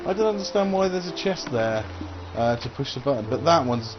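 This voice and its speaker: A man's voice: medium pitch, animated, brisk, soft background music. A man giving casual gameplay commentary as a gaming channel host, rambling and hesitant with lots of uh and um. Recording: dull lo-fi recording.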